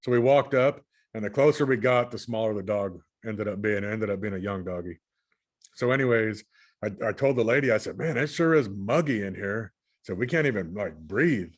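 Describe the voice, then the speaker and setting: A man's voice: on the low side, fairly quick. A man from California recounting his dreams in a casual, rambling way, often repeating and restarting his words as he shares his screen. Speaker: channel host recounting dreams. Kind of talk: casual spoken recounting while screen sharing.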